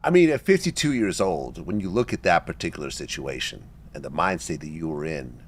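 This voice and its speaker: A man hosting an interview, asking calm, probing questions. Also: extremely low pitch, a little fast, a little hiss or hum. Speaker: interview host.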